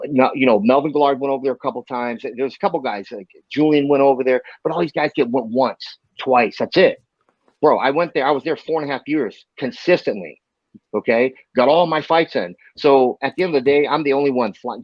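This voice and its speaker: A fired-up American man, a fighter, rants profanely and fast in an interview, his voice sitting at an ordinary middle pitch. The sound is dull and lo-fi, and it is dry with no room echo. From United States. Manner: fired-up, profane, rapid-fire. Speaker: bare-knuckle fighter guest. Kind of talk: heated interview rant.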